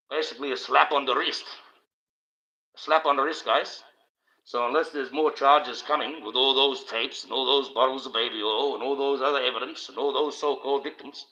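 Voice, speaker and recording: Aussie guy ranting on a live stream, swears a lot, repeats himself, bright pushy voice, dull lo-fi audio. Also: medium pitch. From Australia. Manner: coarse, swearing, repetitive ranting. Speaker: livestream host. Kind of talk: profane rambling monologue.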